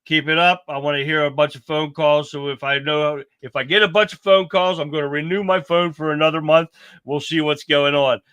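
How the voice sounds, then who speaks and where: A man's voice: on the high side, steady tone, a little fast, fairly bright tone, smooth, dry recording. A man hosting a casual livestream, chatting folksily with his audience and often calling them "guys". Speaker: livestream host.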